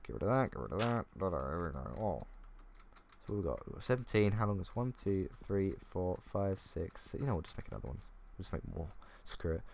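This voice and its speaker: A man's voice: low-pitched, animated, a little fast, creaky, a little mellow. A young man chatting casually as he talks through a game, thinking aloud and poking fun at himself. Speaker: gaming YouTuber. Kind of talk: casual gameplay commentary. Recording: faint keyboard clicks.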